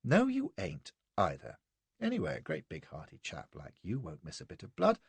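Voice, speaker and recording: A man voicing a cheerful, teasing English adventurer in his forties with a brisk manner. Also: on the low side, huge pitch swings, vocal fry, slightly rough, no room sound, heavily acted. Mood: jovial. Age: 40s. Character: hearty, grinning middle-aged English adventurer man.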